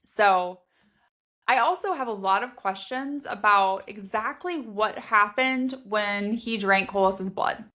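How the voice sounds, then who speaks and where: Speaking slowly with a bright, forceful tone at medium pitch, this female podcast co-host muses over a fantasy novel in a relaxed book chat. She works through her theories out loud, leaning heavily on "like" as filler.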